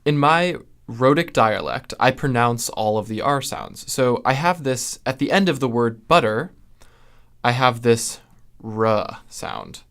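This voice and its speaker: A man's voice: mid-range voice, animated, fairly bright tone, smooth. American man explaining sounds of speech. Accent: General American. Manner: measured, with frequent fillers and restarts. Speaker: linguistics video host. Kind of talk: explanatory lesson.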